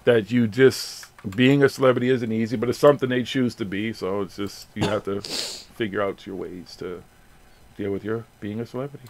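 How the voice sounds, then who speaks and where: A man hosting a casual late-night radio chat, telling stories in a loose, profane and animated way. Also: on the low side, normal speed, a little hiss or hum. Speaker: radio show host.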